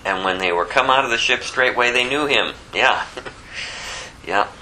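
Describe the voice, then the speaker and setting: A man's voice: medium pitch, moderate pace, sharp tone, a little hiss or hum, poor audio. A man preaching a conversational sermon, asking rhetorical questions and restarting phrases often. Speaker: pastor.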